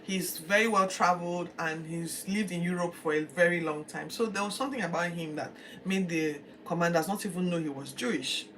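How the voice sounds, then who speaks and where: A woman hosting a daily Bible podcast, reading and retelling the scriptures in a chatty, animated way. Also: fairly low pitch, a little fast, few pauses. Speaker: podcast host. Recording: distant mic, faint background noise.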